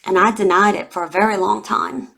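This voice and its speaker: A woman's voice: mid-range voice, fairly even intonation, brisk, gravelly, sharp tone. Emotional woman in her forties, confiding. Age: 40s. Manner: heartfelt, confiding, with many fillers. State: emotional, near tears. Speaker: tarot reader. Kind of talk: emotional tarot reading vlog.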